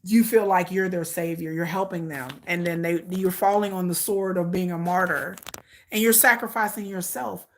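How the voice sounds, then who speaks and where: A woman's voice: fairly low pitch, moderate pace, slight background noise. A woman, talking casually to viewers, telling stories and acting out quotes. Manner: animated storytelling, acts out quotes. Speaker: commentary vlogger.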